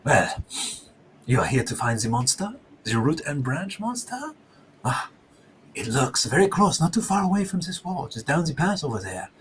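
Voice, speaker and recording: Man voicing a smug, condescending wounded explorer, lively pitch. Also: moderate pace, a little hiss or hum. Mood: scoffing. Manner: haughty, condescending. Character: pompous mustached male explorer, scoffing and sanctimonious.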